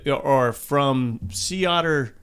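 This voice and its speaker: A man's voice: medium pitch, slow pace, a bit bright, clear, resonant tone. A man chatting casually, teasing his friends with joking asides. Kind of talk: casual chat.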